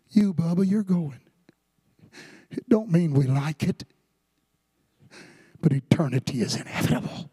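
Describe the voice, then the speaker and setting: A man preaching a fervent sermon in a church sanctuary, rising to shouts. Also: fairly high pitch, lively intonation, normal speed, long pauses, breathy edge, no room sound. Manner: fervent Southern-style preaching, building to shouts.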